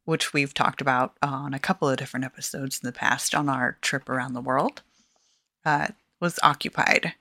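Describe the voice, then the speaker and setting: Woman with a lowish voice reading podcast notes, dry close mic, playful asides. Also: fairly bright tone, no echo. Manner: reads notes aloud with playful asides and laughs. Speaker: podcast co-host.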